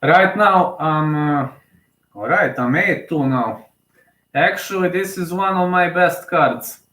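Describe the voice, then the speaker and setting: A man's voice: on the high side, slow, bright, forceful tone. Emotional man, echoey room. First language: Serbian. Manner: emotional, hesitant, thinking aloud. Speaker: live fight commentator. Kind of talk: casual live commentary.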